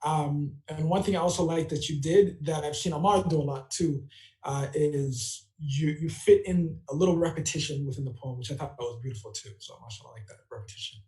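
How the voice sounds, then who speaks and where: A man giving a judge's feedback over a video call, halting with many fillers. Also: on the high side, dark tone. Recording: echoey room on a call.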